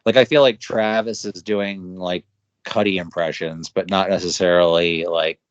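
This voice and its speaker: A low-voiced man chatting on a podcast about music in a relaxed, easygoing way. He leans heavily on filler words as he thinks aloud. The sound is dry and a little dull. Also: moderate pace, clean tone, no room sound. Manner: laid-back, lots of filler likes. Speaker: podcast co-host. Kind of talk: casual music discussion.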